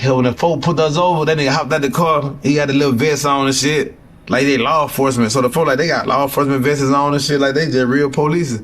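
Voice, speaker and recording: A man's voice: medium pitch, a bit bright. A young man streaming, telling a heated, profane story from his life to his chat.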